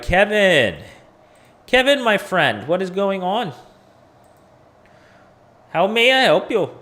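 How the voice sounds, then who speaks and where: Male livestream host, mid pitch, loose and chatty, talks straight to viewers while charting. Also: fairly bright tone. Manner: chatty, talks to viewers, thinks aloud with fillers. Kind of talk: casual livestream chart analysis.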